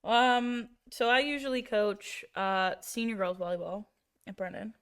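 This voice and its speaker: A woman's voice: medium pitch, unhurried, fairly bright tone, clear, resonant tone. Easygoing woman coach chatting. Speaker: volleyball coach, podcast co-host. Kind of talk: casual chat.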